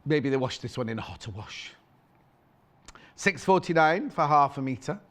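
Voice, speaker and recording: Lively, teasing male shopping-channel host. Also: mid-range voice, moderate pace. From United Kingdom. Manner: playful, teasing, chatty, lots of asides. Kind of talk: live TV sales chat. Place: TV studio. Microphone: clip-on mic.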